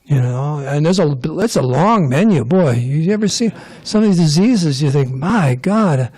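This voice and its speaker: A man's voice: a little high, animated, moderate pace, a little mellow. A man giving a casual scripture class, rambling and joking with digressions. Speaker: temple class speaker.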